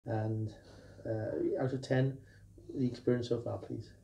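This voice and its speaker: A man's voice: medium pitch, fairly even intonation, unhurried, gravelly, mellow, rough recording. A man hosting a casual vlog from a hotel room, asking questions in a dry, interviewer-like way. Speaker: vlog host. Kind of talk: casual chat.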